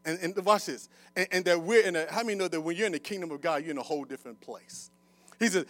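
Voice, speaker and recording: A man preaching a sermon to his congregation as pastor. He calls for responses from the crowd, swings between loud bursts and quiet talk, and drops in casual joking asides. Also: on the high side, lively intonation, fast. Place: church service before a congregation.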